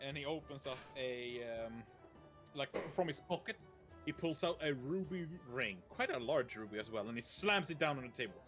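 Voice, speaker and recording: A man's voice: mid-range voice, expressive, moderate pace, a bit bright. A man narrating as game master, casual and hesitant, with faint background music. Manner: casual, hesitant, many fillers.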